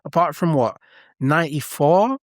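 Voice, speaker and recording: A man from England, co-hosting a podcast in casual chat, talking with quick restarts and frequent laughs. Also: a little high, animated, no echo, clean studio sound. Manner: chatty, laughs often, many restarts. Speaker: podcast co-host.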